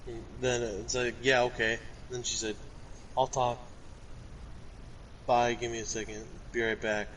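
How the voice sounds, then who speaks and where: A man's voice: medium pitch, little pitch movement, measured pace, a bit bright, a little hiss or hum, rough recording. Rambling young man reading out chats. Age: young adult. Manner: rambling, swears casually, reads messages aloud. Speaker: co-host recounting chat messages. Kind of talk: casual chat.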